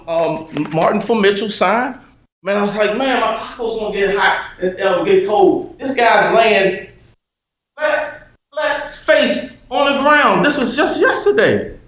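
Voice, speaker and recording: In an echoey city council chamber, a man appeals before a city board, giving heated testimony that is insistent, argumentative, and repetitive. His voice is high-pitched and a bit bright.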